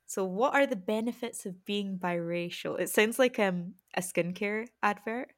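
A woman hosting a casual podcast interview, friendly and quick, laughing often. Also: medium pitch. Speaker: podcast host.

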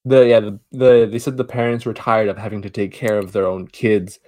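A man's voice: on the low side, fairly even intonation, fairly quick, darkish tone. A man co-hosting a podcast, casually retelling a horror film's plot with many restarts and asides. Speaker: podcast co-host. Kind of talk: casual movie review chat.

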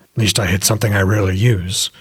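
A man's voice: lowish voice, fairly even intonation, fast, breathy edge, big-room sound, voice pushed down. A man voicing a blind, injured young man who is dry-mouthed and in pain, with a groggy, wry way of talking.

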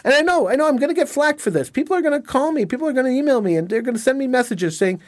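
A man with a high-pitched voice hosts a talk radio show, talking emphatically and with indignation, often stumbling over and repeating his words. The sound is dry and close, with almost no room around him. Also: animated, racing, few pauses, dry recording.

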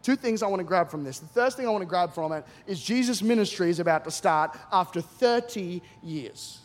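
A man's voice: high-pitched, fairly quick. A middle-aged Australian man preaching a humorous sermon as a guest pastor, telling stories and acting out the voices in them with lots of energy. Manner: animated, jokey, acts out voices in his stories. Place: church auditorium with a live congregation. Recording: long reverb of a large church hall.

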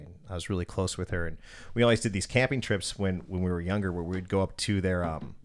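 A man's voice: sits low, steady tone, fast talker. A man in his thirties hosting a casual podcast, telling personal stories, swearing often and calling people dude. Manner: swears often, storytelling, says dude a lot. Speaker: podcast host.

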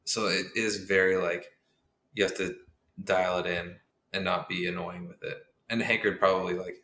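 A man who writes books, sharing his research in a relaxed, thoughtful way during a casual chat. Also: sits low, moderate pace. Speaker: podcast co-host, author. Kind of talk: casual chat about writing. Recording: roomy with faint background noise.

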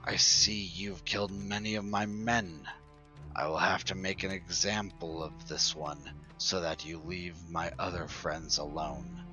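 Yimik, a low quiet goblin chief, as a man plays him. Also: steady tone, unhurried, soft background music. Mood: menacing. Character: Yimik, cunning calm goblin leader, male.

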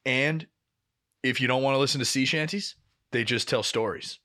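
Young man, podcast co-host, bright forceful voice, casual swearing chat. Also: medium pitch, moderate pace. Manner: swears often, animated storytelling.

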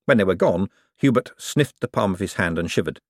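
Man, audiobook narration, expressive pitch, dry close sound. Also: brisk, no echo. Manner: expressive, wry storytelling. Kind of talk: scripted narration.

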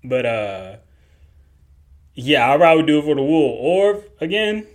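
A man's voice: on the high side, very animated, a little slow. A man hosting a podcast, talking casually and joking, often holding back laughter as he gives farming advice. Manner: laid-back, joking, chuckles through lines. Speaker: podcast host. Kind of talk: casual solo podcast talk.

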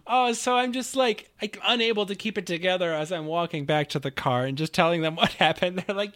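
A man's voice: high voice, normal speed, pauses often, no room sound. A man co-hosting a podcast, chatting casually and telling a story with lots of laughter. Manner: animated storytelling, laughs often. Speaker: podcast co-host. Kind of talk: casual chat.

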